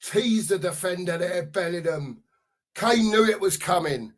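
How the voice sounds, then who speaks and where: A man co-hosting a live football watchalong, giving casual commentary and reading out chat messages with plenty of banter. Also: high voice. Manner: banter-filled, drawn-out emphasis on goal calls.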